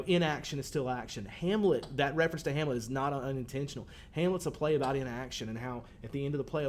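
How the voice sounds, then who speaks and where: A man's voice: medium pitch, a little mellow, a little hiss or hum. A male teacher, talking students through a poem in a conversational way, with fillers and lines read aloud. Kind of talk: recorded poetry lesson for students.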